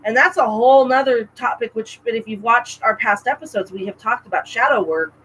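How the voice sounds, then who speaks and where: A woman's voice: a little high, a little fast, a little hiss or hum, rough recording. Chatty woman co-hosting a casual podcast. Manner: chatty, animated, self-interrupting with restarts. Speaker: podcast co-host. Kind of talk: casual chat.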